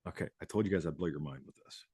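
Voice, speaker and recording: A man's voice: extremely low pitch, racing, a little mellow, breathy edge, no echo, studio quality. A man hosting a live show, talking casually in a rambling way, swearing and laughing often. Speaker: host.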